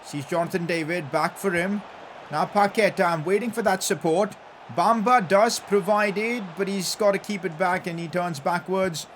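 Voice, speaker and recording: A young man giving live commentary over his football video game session, excitable and breaking into loud cheers at the goals. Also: sits high, moderate pace, slight background noise. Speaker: gaming YouTuber.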